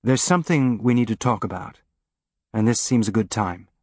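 A man voicing a calm, steady woman who is a spaceship engineer, speaking in a measured, gently firm way. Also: on the low side, dry recording, clean studio sound.

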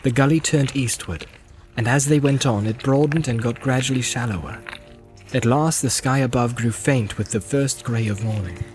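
A man reading a story aloud in an even, measured way. His voice sits in an ordinary middle register as he narrates the scene calmly. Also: medium pitch, soft background music. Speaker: audiobook narrator. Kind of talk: scripted narration.

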